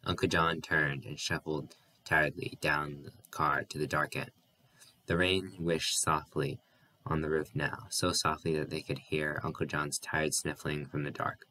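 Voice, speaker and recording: A man reading a novel aloud as an audiobook narrator, steady and even, with an occasional slip and restart. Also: very deep voice, unhurried, low-quality recording.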